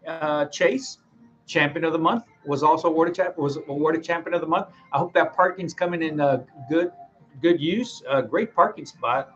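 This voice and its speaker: A man's voice: a little high, moderate pace, a bit bright, muffled recording, soft background music. A middle-aged man, leading a department huddle in a folksy, upbeat, rambling way, often correcting himself. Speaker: radiology department manager. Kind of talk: team huddle announcements.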